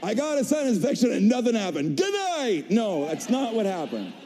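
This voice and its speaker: Animated man storytelling on a big stage. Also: high-pitched, brisk, a little hiss or hum. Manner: animated storyteller, acts out voices and jokes. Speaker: voice actor telling his career story. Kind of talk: stage talk to a convention audience. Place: large convention hall stage. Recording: long hall reverb.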